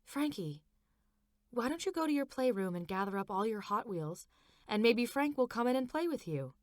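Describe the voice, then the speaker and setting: A woman voicing a young mother who speaks softly and carefully, gently anxious. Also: a little high, very animated, moderate pace, dry recording, clean studio sound, pitched above the performer's own voice. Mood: gentle. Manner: soft and careful.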